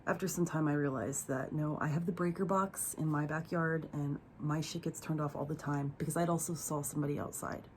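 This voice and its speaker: A woman's voice: deep voice, steady tone, fairly quick, hardly any pauses, a little hiss or hum. A young woman telling a candid personal story on her vlog, profane and emotional, rambling with fillers.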